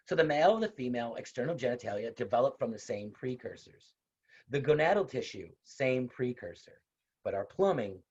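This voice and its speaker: Husky low-voiced man lecturing over video call. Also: a little mellow. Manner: conversational, repeats points, personal asides. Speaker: university instructor. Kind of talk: casual online lecture. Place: online video class. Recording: dull lo-fi video call audio.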